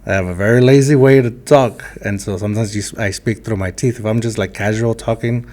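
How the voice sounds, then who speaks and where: A man hosts a podcast in casual conversation, candid and a little self-deprecating. His voice is on the low side. He talks in a relaxed way. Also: a little fast. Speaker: podcast host.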